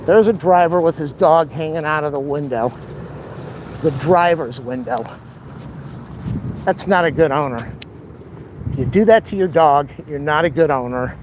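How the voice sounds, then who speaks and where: A man's voice: fairly high pitch, moderate pace, long pauses. A man vlogging while he walks city streets, ranting with strong opinions and out of breath from the uphill climb. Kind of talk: rambling walking vlog. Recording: faint street noise outdoors.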